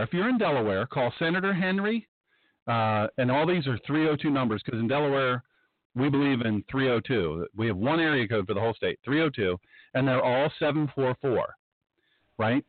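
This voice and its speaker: Animated man, tinny talk-radio sound. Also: dry recording. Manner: excitable, breaks into mocking high-pitched impressions. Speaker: radio show host and pastor. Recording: tinny phone-line sound.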